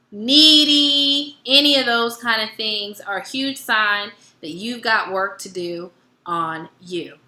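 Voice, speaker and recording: Woman wellness educator, bright lively storyteller, roomy echo. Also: a little high. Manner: animated, acts out both sides of dialogues. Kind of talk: casual teaching with personal stories.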